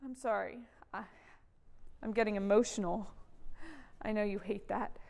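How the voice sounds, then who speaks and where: A woman's voice: medium pitch, steady tone, normal speed, gravelly, a little mellow, natural voice. A young student actress playing a chattering, anxious housewife of the 1910s who pleads with her husband, stammering often. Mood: pleading. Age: young adult. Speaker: student actor. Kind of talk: stage monologue.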